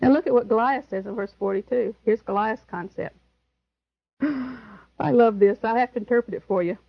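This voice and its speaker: A woman's voice: on the high side, moderate pace, gravelly, slightly rough, highs cut off. A woman preaching a sermon, emphatic and chuckling, who repeats her key words.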